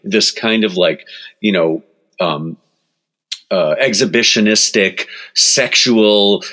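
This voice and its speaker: A man in his sixties, a book author being interviewed, telling lively personal stories, laughing often and acting out what others said. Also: on the low side. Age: 60s. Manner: animated, laughs often, acts out quotes. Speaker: author and guest. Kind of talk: storytelling in interview.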